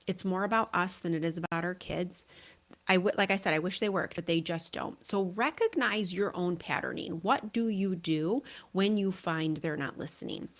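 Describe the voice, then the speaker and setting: Earnest woman coaching parents, low voice. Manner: earnest, conversational, often asks "right?". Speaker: parenting coach and podcast host. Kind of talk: solo podcast advice talk.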